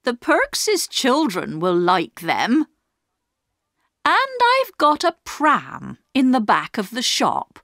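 A woman voicing a kindly older village shopkeeper woman who speaks gently and slowly, in a storybook reading. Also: fairly high pitch, huge pitch swings, no echo, studio quality, voice pushed up, heavily acted.

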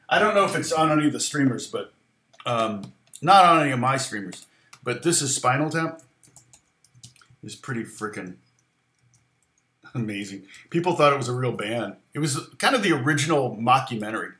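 A man's voice: mid-range voice, expressive, normal speed, sharp tone, reverberant. A man around sixty, a guitar teacher chatting loosely through a songwriting lesson, rambling and laughing often. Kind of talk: casual music lesson chat.

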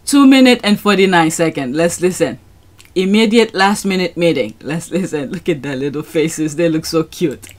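A woman's voice: fairly low pitch, expressive, moderate pace. A woman hosting a reaction commentary, gushing and laughing often over a video. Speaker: host.

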